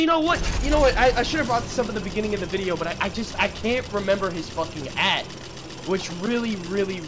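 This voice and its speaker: A man's voice: high voice, noisy background. A man in his twenties rambling and cursing while commenting on his gameplay. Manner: rambling, swears often, loud outbursts at the game. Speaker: gaming streamer.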